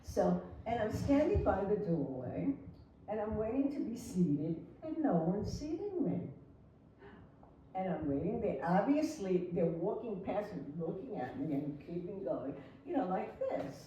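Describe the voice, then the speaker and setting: An older woman, a flamenco artist, telling lively anecdotes on stage and acting out the people in them. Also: mid-range voice, a little slow. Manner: animated anecdotes with laughter and acted quotes. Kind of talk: storytelling on stage. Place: hall with audience. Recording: echoey hall, distant mic, faint noise.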